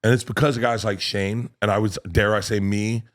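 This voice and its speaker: A male comedian guest telling a profane, animated story on a podcast. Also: fairly low pitch. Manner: animated, swearing, quick storytelling with restarts.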